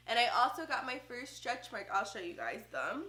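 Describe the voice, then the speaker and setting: A young woman talks straight to a close camera in a loose, heartfelt vlog chat, full of "like" and "um." Her voice is bright and forward. The room around her rings with noticeable echo. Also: a little high, very animated, moderate pace. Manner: chatty, heartfelt, many fillers like "like" and "um". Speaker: vlogger, first-time mom. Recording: roomy echo.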